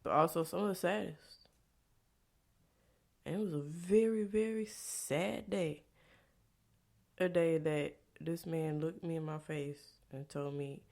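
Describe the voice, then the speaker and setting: Profane, blunt woman with a gravelly voice. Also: steady tone, takes it slowly, long pauses. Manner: blunt and profane, swings between low confiding and loud exasperated outbursts; rhetorical tag questions. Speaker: vlogger. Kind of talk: candid storytime monologue.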